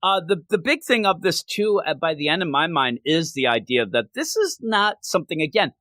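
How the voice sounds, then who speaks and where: A man with a fairly high voice hosts a casual manga podcast. His pitch swings widely as he talks, and he keeps breaking into quotes from the characters. The sound is dry and close, with almost no room echo. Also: normal speed. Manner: animated, slips into quoting characters. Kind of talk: casual podcast review chat.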